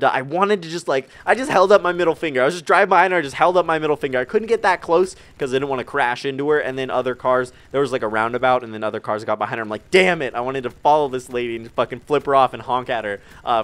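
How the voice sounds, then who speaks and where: A young man vlogging a storytime rant, animated and profane, rambling with lots of fillers. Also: medium pitch. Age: young adult.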